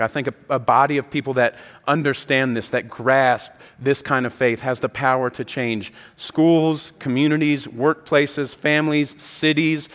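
A man's voice: medium pitch, fairly bright tone. A man preaching a sermon with passion, acting out the voices of the people in the story. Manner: impassioned, acts out the voices of the story. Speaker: pastor. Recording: long hall reverb.

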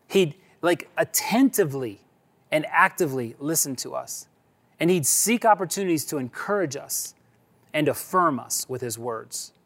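A male pastor preaching a sermon in a conversational way, stretching key words and dropping low at the ends of phrases. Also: a bit bright.

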